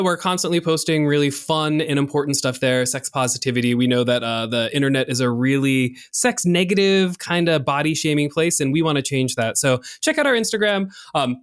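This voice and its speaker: A man co-hosting a podcast, talking frankly and casually about sex with lots of fillers. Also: a little high. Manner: chatty, frank, filler-heavy. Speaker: podcast co-host.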